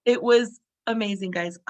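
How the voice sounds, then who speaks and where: A middle-aged woman from California, a self-help speaker telling a personal story in a casual, animated way and acting out the people she quotes. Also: medium pitch, unhurried. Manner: animated, acts out quotes, frequent laughs.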